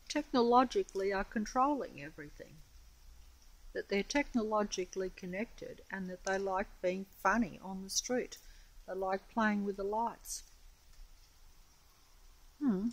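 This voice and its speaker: Australian woman, middling pitch, breathy tone, wary phone vlog on a windy street. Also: rough recording. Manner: hesitant, rambling, wary. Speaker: vlogger. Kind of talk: casual filmed commentary. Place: outdoors at a house on a windy, rainy street. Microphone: mobile phone camera.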